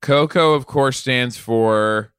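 Male co-host, clear resonant voice, close dry sound, easygoing, dry humor. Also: mid-range voice, takes it slowly, fairly bright tone, no room sound. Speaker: podcast co-host. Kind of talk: casual comedic chat.

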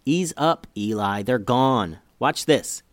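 A man's voice: lively intonation, takes it slowly. A man voicing a confident, teasing little girl in a storytelling podcast. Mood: calm. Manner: high, teasing and sure of herself.

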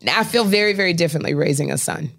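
A woman's voice: lowish voice, expressive, very fast, vocal fry, a bit bright. A middle-aged woman, a comedian, chatting in an interview and telling colloquial stories with punchy asides. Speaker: talk show host and comedian, interview guest. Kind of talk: casual interview chat.

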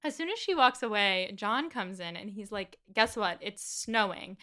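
A woman co-hosting a casual book discussion, retelling scenes in a chatty, animated way. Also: mid-range voice, clear, resonant tone. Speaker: podcast co-host.

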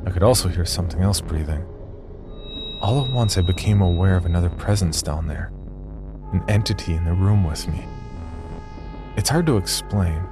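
A man telling a first-person horror story as a scripted narration, with wry, dry humor. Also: low-pitched.

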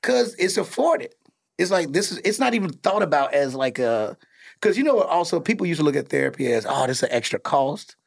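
A man, a comedian and dad hosting a podcast, telling stories in a casual, animated way with plenty of cursing. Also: on the high side, a little fast, creaky. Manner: animated storytelling, cursing freely. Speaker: podcast host; comedian and father.

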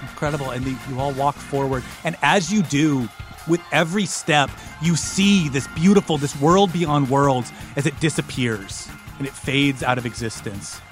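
A man's voice: on the high side, moderate pace. Rambling, vividly descriptive male game master. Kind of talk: narrating a tabletop game. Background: music.

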